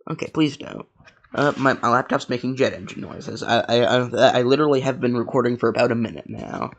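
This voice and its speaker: A man's voice: medium pitch, fairly even intonation, brisk. A man hosting a casual let's play, stammering and repeating words as he comments. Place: home desk with a noisy laptop. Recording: noisy home recording with clicks.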